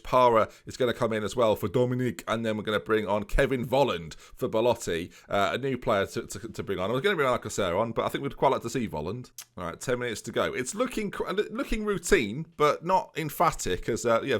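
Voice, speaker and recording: A man casually commentating on his football management game for viewers, wry and chatty. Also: medium pitch. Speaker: gaming YouTuber.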